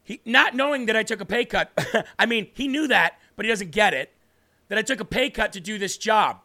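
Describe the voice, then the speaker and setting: Guy hosting a christian show, high bright voice, super emphatic and preachy. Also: a little fast. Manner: emphatic, preachy, answers viewer comments. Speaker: host of a Christian talk show. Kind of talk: impassioned faith talk to viewers.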